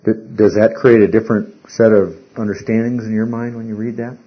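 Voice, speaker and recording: A man teaching a Bible study class. He speaks haltingly, repeats words and keeps asking the class questions. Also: lowish voice, flat delivery, breathy edge. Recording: muffled lo-fi recording.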